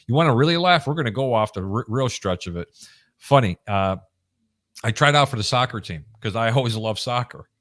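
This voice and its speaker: A middle-aged man co-hosting a casual sports chat, telling lively stories about his school days over a video call. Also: medium pitch, a little fast. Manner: animated storyteller, acts out shouting coaches. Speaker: co-host.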